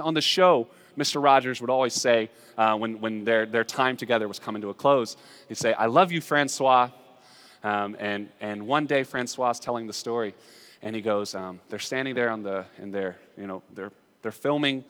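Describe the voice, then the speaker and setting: A man preaching a sermon, swinging between loud emphatic lines and hushed asides. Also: medium pitch, in a large hall. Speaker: pastor.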